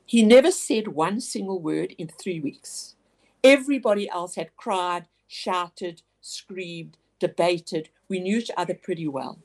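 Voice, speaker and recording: A woman's voice: on the low side, unhurried, darkish tone. A woman guest on a radio interview telling a personal story, reflective and earnest, often restarting her sentences.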